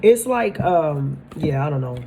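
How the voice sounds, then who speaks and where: A woman's voice: low-pitched, lively intonation, a little slow, background noise. A woman giving a spiritual tarot-style reading, talking bluntly, swearing freely and often asking her listeners if they understand. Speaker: tarot reader.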